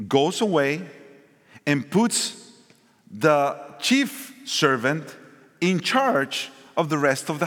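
A man preaching a sermon, shifting between loud emphasis and quiet asides. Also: fairly high pitch. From Mexico. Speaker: pastor. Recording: long hall reverb.

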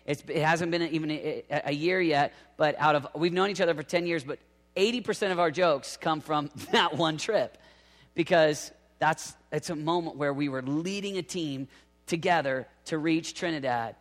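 A male preacher with a high voice fires up his listeners and slips into little voices for the people he quotes. His words ring with a long echo in a big hall. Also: normal speed. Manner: energetic, acts out quoted voices. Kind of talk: sermon. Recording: reverberant hall.

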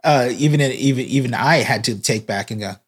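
In a casual podcast conversation, a male guest earnestly recounts his work in church broadcasting. He speaks a little fast in a mid-range voice with a breathy edge.

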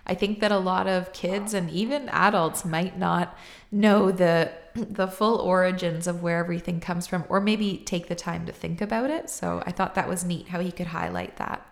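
A woman hosting a book podcast, reading a picture book aloud in a gentle, measured way and chatting. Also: on the low side, fairly even intonation, vocal fry. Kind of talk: storybook read-aloud and casual chat.

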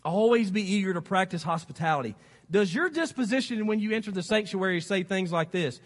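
A male pastor with a Southern accent delivers a folksy, exhorting sermon. His voice sits very high for a man. The sound carries a long reverb from the church sanctuary. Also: lively intonation, a little fast. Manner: folksy and exhorting, rising to emphatic peaks.

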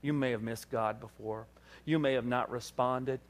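Man, pastor, sermon delivery; animated storyteller who acts out dialogue; mid-range voice. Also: medium pitch, moderate pace. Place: church service.

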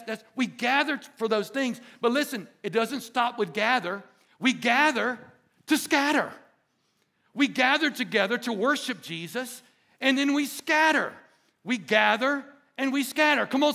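A man with a high, gravelly voice preaches a sermon, and his tone stays bright and sharp. He leads the room in call-and-response and swells to emphatic, ringing peaks. A lilt colors his words. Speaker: pastor.

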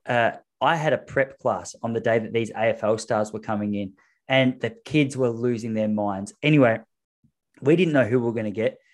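Australian man, thirties, casual podcast chat, lively storytelling, mid pitch. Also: moderate pace. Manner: animated storyteller, acts out quoted voices. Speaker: podcast co-host.

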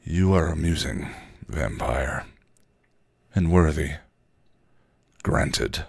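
A man voicing a deep, mocking ancient male demon who speaks slowly and menacingly. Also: animated, gravelly, slightly rough, no room sound, full character voice. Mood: grudging. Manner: booming, slow and menacing.

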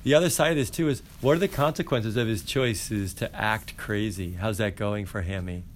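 A male teacher giving an animated, playful class lecture and asking his students questions. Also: on the low side, moderate pace, slight background noise. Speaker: high school teacher.

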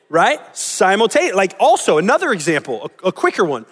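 Male pastor, fairly high voice, conversational sermon, long hall reverb. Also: very animated, fast, fairly bright tone. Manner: conversational, acts out quoted lines.

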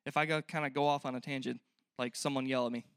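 Speaking quickly with a steady, medium-pitched voice that's a bit bright and smooth, a young man preaches in church. He keeps the sermon earnest and conversational, often turning questions to the congregation, in clean studio-quality audio without echo.

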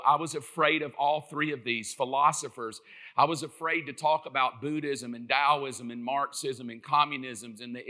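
A man's voice: medium pitch, bright, forceful tone. A man from South Georgia with a Southern American accent, preaching a sermon and telling stories, acting out the voices he quotes. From South Georgia, USA. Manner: storytelling, acts out quoted voices. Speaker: pastor.

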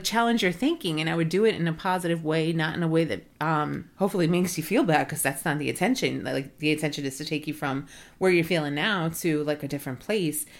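A woman in casual conversation, talking earnestly with lots of "like" and "you know". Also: deep voice. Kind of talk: casual podcast chat.

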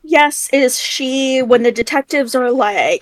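A woman's voice: fairly high pitch, slow, few pauses, dry recording. A woman co-hosting a casual discussion podcast, retelling scenes expressively and acting out the lines she quotes. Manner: expressive storyteller, acts out quotes. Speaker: podcast co-host.

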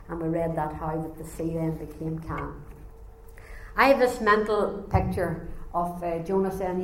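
A woman preaching a sermon, telling a story with animated delivery and acting out the voices. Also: on the low side, normal speed. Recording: echoey room, faint ambience.

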